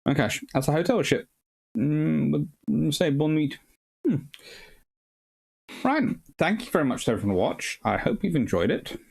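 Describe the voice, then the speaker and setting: A man's voice: fairly high pitch, big pitch swings, moderate pace, creaky, pauses often, a little mellow, slightly rough. A tired male history host and academic, rambling through a livestream sign-off and thanking viewers by name. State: tired, short on sleep. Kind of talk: livestream sign-off, reading chat.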